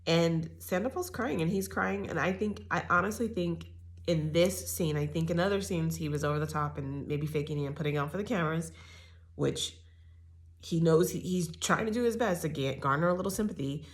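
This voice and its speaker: A woman's voice: fairly low pitch, a little fast. A woman giving a casual, opinionated reality TV recap, chatty and full of fillers and restarts. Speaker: TV recap host.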